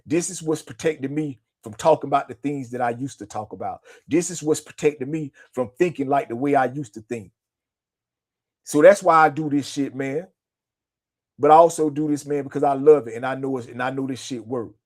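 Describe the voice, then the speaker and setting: A man's voice: medium pitch, brisk, darkish tone. A man hosting his own show, talking in a laid-back, repetitive way, with "man" at the end of nearly every line. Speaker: show host. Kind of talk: casual motivational monologue.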